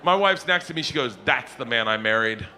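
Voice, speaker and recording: Animated man telling rowdy stories. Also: medium pitch, a little fast, background noise. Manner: animated, rowdy, laughs often mid-story. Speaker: comedian. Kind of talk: stand-up storytelling.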